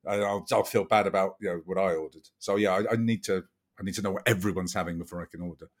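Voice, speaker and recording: Guy rattling on quick, self-deprecating, trips over his words a lot. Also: low voice, fairly even intonation. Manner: rambling, self-deprecating, stumbles and repeats words. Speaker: podcast guest. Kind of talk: casual comic chat.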